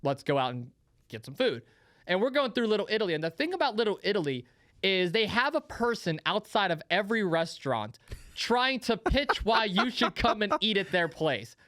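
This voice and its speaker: A young man in his twenties co-hosts a casual podcast, rattling off a story at a quick clip in a high, clear voice. He acts out every person in the tale. The sound is dry and close. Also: no echo. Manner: animated storyteller acting out quotes. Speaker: podcast co-host.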